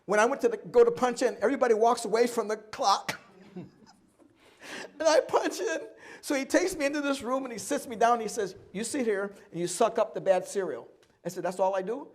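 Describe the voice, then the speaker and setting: A man in his seventies, a guest at a live oral history event, telling stories from his life in an animated way and acting out both sides of each conversation. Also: extremely high pitch, a little fast. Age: 70s. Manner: animated storyteller who acts out dialogue and laughs often.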